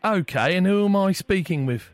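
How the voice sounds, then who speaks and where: A man's voice: high-pitched, expressive, normal speed, voice pushed up. A man doing a put-on English accent, voicing a chatty, overly polite Englishman who has just moved to town, in a prank call. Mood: theatrical. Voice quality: exaggerated, theatrical politeness.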